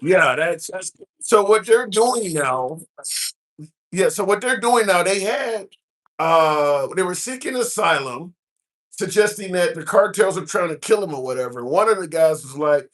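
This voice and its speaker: A man from the American Midwest hosts a loose live-stream call-in, chatting along and reading viewer comments aloud. His voice sits a touch high, and his talk is full of fillers and restarts. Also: animated, moderate pace, a bit bright. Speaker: livestream host. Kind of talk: casual live-stream chat. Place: cruise ship at sea.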